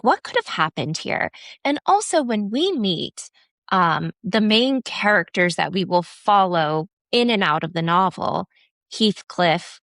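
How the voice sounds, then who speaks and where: A woman's voice: mid-range voice, gravelly, a bit bright, no echo, studio quality. A woman co-hosting a podcast, talking through her reading of a novel in a thoughtful, explanatory way. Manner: thoughtful, explaining things at an easy pace. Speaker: podcast co-host. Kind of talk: casual book discussion.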